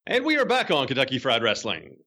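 A man's voice: mid-range voice, wildly swooping pitch, fast, pushed and bright. A man hosting a wrestling podcast, joking casually and reading ads. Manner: joking, chatty, with fillers. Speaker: podcast host. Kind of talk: casual podcast chat and ad read.

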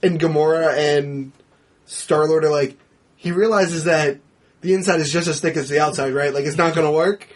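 Rambling husky-voiced man recapping a film. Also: on the high side, fairly even intonation, moderate pace. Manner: recaps plot in long rambling runs. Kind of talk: casual movie discussion.

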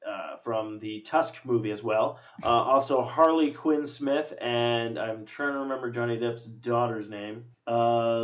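A man's voice: medium pitch, distant mic. A man hosting a casual movie review podcast, rambling with fillers and swearing freely. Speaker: podcast host. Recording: dull lo-fi recording.

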